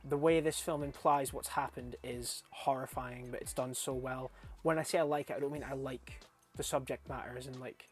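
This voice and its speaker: A young man rambles through a film review at an ordinary middle pitch. He swears freely and gets animated and laughs when something tickles him. Faint music plays quietly behind him. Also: normal speed, hardly any pauses. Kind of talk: casual film review vlog.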